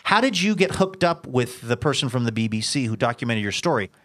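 Male radio interviewer, relaxed and conversational, leading the guest with questions. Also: mid-range voice, brisk. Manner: informal, prompting questions. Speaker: interview host.

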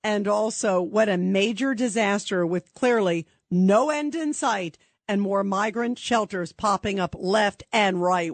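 A woman hosting a radio talk show, sarcastic and animated, mocking and doing impressions as she talks. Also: mid-range voice, unhurried, hardly any pauses, no room sound.

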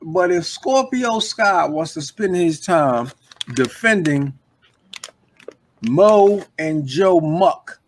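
A man's voice: a little high, animated, drawn-out words, slight background noise. A man co-hosting a live podcast, ranting bluntly with heavy profanity in casual chat. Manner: blunt, profane, emphatic rants. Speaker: podcast co-host.

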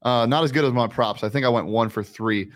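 A man's voice: medium pitch, a little fast. Upbeat male sports betting show host. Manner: upbeat, rambling with fillers. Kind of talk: casual sports betting chat.

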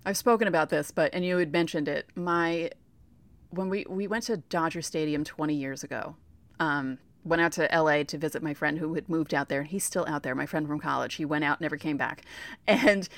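A woman's voice: deep voice, a little fast, dry recording. A woman from New York co-hosting a sports talk show, telling anecdotes animatedly and laughing often. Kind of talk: casual storytelling chat.

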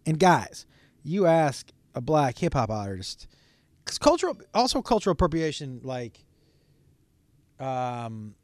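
A man's voice: mid-range voice, big pitch swings, unhurried, long pauses, dry recording. Candid swearing man, dry close sound. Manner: candid, rambling, swears often. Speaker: podcast host. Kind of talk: solo podcast monologue.

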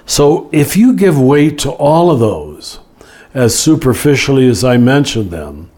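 An older man, a Catholic teacher and author, explaining ideas slowly and reflectively, often restarting and listing words. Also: medium pitch, big pitch swings, mellow, breathy edge. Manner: slow, reflective, with frequent restarts and lists. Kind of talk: relaxed spoken teaching in conversation.

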